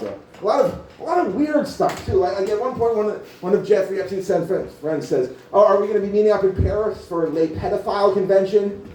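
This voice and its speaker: A man's voice: high voice, dark tone, slight background noise. A man doing a rambling, profane stand-up comedy set in a small cafe venue, full of filler words. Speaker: stand-up comic. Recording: echoey room, mic from far off.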